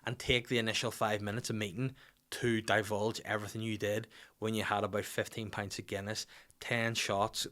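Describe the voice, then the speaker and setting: A man's voice: fairly low pitch, flat delivery, moderate pace, fairly bright tone. A man in his thirties with a Northern Irish accent, hosting a podcast in a rambling, jokey monologue. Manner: rambling, jokey, sings little tunes. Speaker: podcast host. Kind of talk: casual comic monologue.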